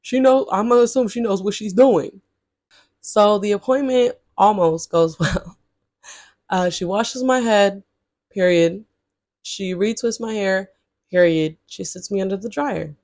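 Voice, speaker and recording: A woman vlogger telling a story straight to her viewers, chatty and blunt, swearing freely and jumping into high exasperated outbursts. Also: a little slow, a little mellow, no room sound, clean studio sound. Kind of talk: casual storytelling to camera.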